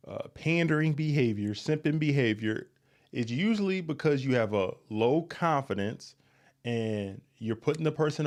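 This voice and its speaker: A man hosting a podcast, giving blunt, emphatic dating advice straight to listeners and repeating his points. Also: medium pitch. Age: adult, past his youth. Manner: emphatic, repetitive, blunt and frank. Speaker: podcast host. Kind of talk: direct-to-listener advice monologue.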